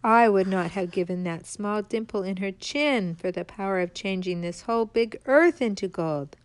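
A woman's voice: mid-range voice, normal speed, clean tone, no room sound, lightly acted. King Midas, a sobbing remorseful king voiced by a woman. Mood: grieving. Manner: pleading, sobbing delivery. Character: grieving old king, remorseful and desperate.

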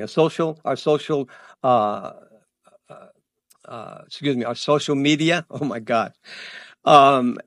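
A man pastor giving church announcements before his sermon, animated and excited, tripping over his words and laughing at himself. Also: a little high, gravelly, no room sound, studio quality. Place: church sanctuary.

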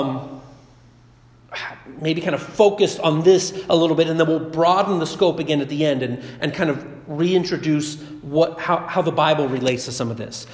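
High-voiced man preaching in echoey hall. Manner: conversational and chatty, with personal stories. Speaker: pastor. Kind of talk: sermon.

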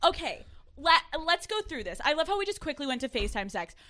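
A young woman hosting a podcast in casual chat, blunt and excitable with quick reactions. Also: high voice. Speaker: podcast host.

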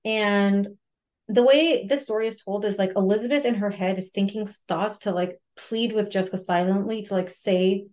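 A woman's voice: medium pitch, steady tone, normal speed, a little mellow. A woman co-hosting a podcast, talking in a loose, chatty way and leaning on "like" as she retells a story. Her tone is breezy and comedic. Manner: chatty, peppered with "like". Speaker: podcast co-host. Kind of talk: casual comedic book recap.

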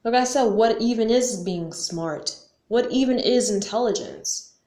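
A young woman vlogs casually to the camera in a fairly high, dark-toned voice at an unhurried pace. Her talk is slangy and full of questions, with frequent "like"s and the odd curse. The recording has a roomy echo.

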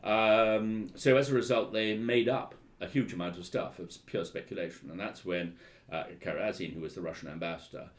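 A man with a very low voice tells stories about his work in a relaxed interview. He hesitates often, circles back with ums and restarts, and keeps a wry tone. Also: moderate pace. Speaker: historian and author. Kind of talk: anecdotal interview storytelling.

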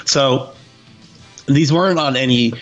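Animated man, dull lo-fi sound. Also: medium pitch, slow pace, soft background music. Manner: animated, acts out quotes in a raised voice. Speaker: podcast co-host. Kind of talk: casual chat about comic books.

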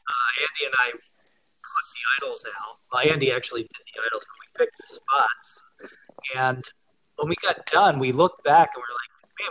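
A man's voice: medium pitch, moderate pace, sharp tone, a little hiss or hum, rough recording. Conversational male host and producer. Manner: conversational, asks open questions, adds behind-the-scenes anecdotes. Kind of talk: casual interview.

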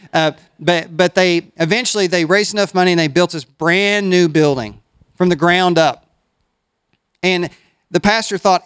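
A man's voice: fairly high pitch, clear, resonant tone, no room sound, studio quality. A man preaching a sermon, breaking into folksy asides. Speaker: pastor.

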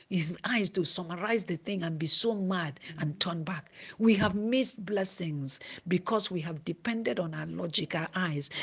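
A woman preaching a sermon, dropping to a hushed whisper at times and rising to emphasis. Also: lowish voice, breathy edge.

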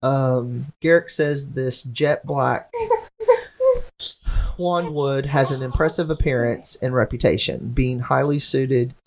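A woman's voice: extremely low pitch, slow pace, darkish tone. A woman chatting casually and reading passages aloud, stumbling over words and stopping to question them.

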